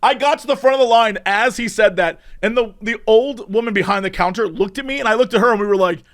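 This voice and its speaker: A man's voice: sits high, fast, a bit bright. A man co-hosting a podcast, telling a story in casual chat and laughing often as he goes. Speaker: podcast co-host.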